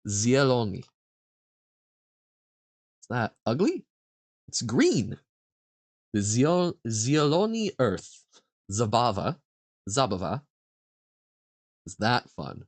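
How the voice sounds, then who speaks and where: Animated man sounding out words. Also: medium pitch, dry recording. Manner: sounds out foreign words slowly, guessing aloud and laughing at himself. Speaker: streamer. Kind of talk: casual live-stream chat while playing a vocabulary quiz.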